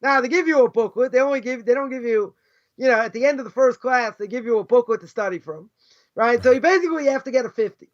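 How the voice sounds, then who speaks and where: A middle-aged American man, a rabbi, speaks in a very high-pitched voice at a fast clip. He teaches a casual, conversational lesson packed with rhetorical questions and fillers like "right?" and "you know." The recording is dull and lo-fi.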